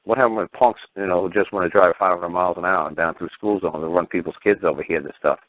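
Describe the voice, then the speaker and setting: A man's voice: deep voice, steady tone, fast talker, no room sound. A man hosting a talk radio show, speaking bluntly and heatedly with profanity and stammering restarts. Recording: tinny phone-line radio audio.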